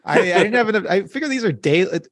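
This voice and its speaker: A man co-hosting a podcast, leading the chat in a laid-back, halting way with fillers. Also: high voice, lively intonation, a crowd in the background. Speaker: podcast co-host.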